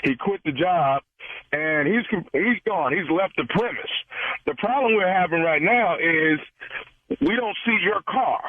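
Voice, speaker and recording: A man's voice: high voice, lively intonation, a little slow, no room sound. Stammering man calling on a phone line. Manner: stammering, placating, plays dumb. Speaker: radio prank caller. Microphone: telephone. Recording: tinny dry phone line.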